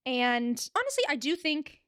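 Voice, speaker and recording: A woman's voice: high voice, very animated, moderate pace, a bit bright, dry recording, clean studio sound. A woman co-hosting a casual chat show, telling stories in a rambling, giggly way with lots of fillers. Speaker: podcast co-host.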